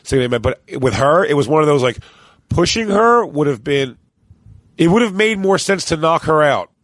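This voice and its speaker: A man's voice: a little high, normal speed, no echo. Profane man telling a story. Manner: animated, profane, acts out quotes. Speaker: podcast co-host. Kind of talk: casual storytelling chat. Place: cruise ship.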